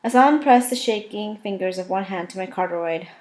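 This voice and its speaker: A woman's voice: medium pitch, brisk, a little mellow. Woman casually reading a novel aloud. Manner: casual, with slips, self-corrections and laughs. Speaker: audiobook reader. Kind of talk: first-person novel narration.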